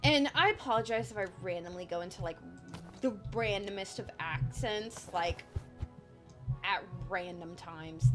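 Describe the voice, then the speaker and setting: Slow, rambling woman streamer. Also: lowish voice, fairly bright tone. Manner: rambling with many ums and likes. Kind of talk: casual gameplay chat.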